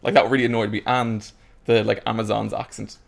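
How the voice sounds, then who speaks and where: A man reviewing films in a casual panel chat, animated and mimicking voices as he talks. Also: on the low side, a little fast, vocal fry. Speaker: film reviewer.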